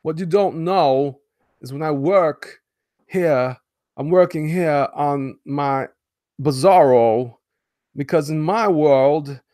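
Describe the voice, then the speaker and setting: A man doing an impression of a slow-speaking older celebrity actor, with drawn-out phrasing and odd pauses. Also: fairly high pitch, warm tone, no echo, studio quality, pitched above the performer's own voice. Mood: deadpan menace. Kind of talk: comedic impression on a live stream.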